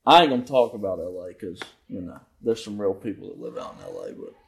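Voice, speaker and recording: A man's voice: low-pitched, wildly swooping pitch, quick pace, vocal fry, a crowd in the background. Brash young Southern man telling stories. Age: young adult. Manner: brash storytelling, swears freely. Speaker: guest. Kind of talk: casual chat.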